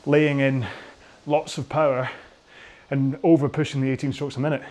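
A man's voice: mid-range voice, little pitch movement, normal speed, a little mellow. A man coaching an indoor rowing workout while rowing, chatty and rambling, often mocking himself.

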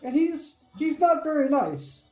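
Lady doing a bumbly naive young guy, stammers a lot, kinda mellow voice, echoey room. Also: sits high, sing-song, pitched above the performer's own voice. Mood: earnest. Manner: halting, stammering, overly earnest. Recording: echoey room with faint music.

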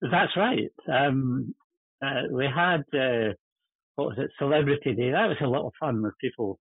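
A man's voice: medium pitch, normal speed, husky, dry recording. An older man, a guest, telling chuckling, rambling stories about his working life in casual conversation. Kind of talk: casual storytelling. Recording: tinny phone-line sound.

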